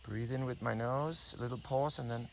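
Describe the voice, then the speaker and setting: A man giving unscripted, hushed commentary as he films wildlife outdoors on a morning walk, talking to himself with restarts. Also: mid-range voice, steady tone, normal speed, vocal fry. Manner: hushed, wondering, thinking aloud with restarts. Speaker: breathing coach filming wildlife. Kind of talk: unscripted nature commentary while filming. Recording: outdoor insect and bird noise. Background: insects and birds.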